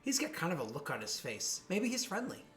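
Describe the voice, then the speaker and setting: Man, game master, tabletop narration, fairly high voice, fillers, restarts. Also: wildly swooping pitch, fairly quick, fairly bright tone, faint music behind. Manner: rambling, many fillers and restarts; voices jeering thugs in a raised voice.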